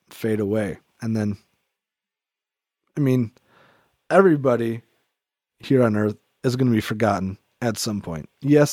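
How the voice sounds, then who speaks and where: A man's voice: lowish voice, mellow, no room sound, studio quality. A man talking through his thoughts in a casual faith-themed chat, rambling and reflective, filling his speech with "like" and restarting sentences.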